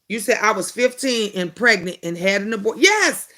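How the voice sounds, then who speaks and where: A middle-aged woman hosting a casual live chat, answering viewer comments and telling animated family stories. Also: medium pitch, normal speed, few pauses. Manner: animated storytelling, acting out family quotes. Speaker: host of a live chat show.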